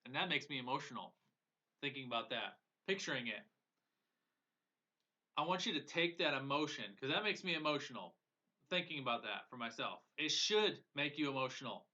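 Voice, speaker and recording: Earnest bright-voiced male coach, lo-fi. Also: mid-range voice, animated, moderate pace. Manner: earnest and emotional, repeats phrases for emphasis. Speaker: business coach. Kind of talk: live-streamed motivational coaching. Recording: dull lo-fi audio.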